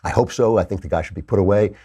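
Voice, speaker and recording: Male talk host, slightly husky tone, sarcastic commentary, studio mic. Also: lowish voice, rapid-fire, mellow. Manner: sarcastic, mocks opponents in exaggerated voices. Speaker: political talk show host. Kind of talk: opinionated commentary monologue.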